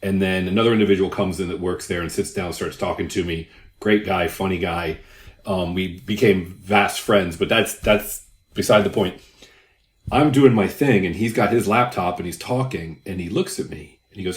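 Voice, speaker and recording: An older man with a low, deep voice talks through crypto numbers casually, drifting into asides and stories. His voice rings in a roomy space with noticeable echo. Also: moderate pace. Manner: conversational, rambling asides. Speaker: crypto YouTuber. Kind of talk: casual explainer with anecdotes.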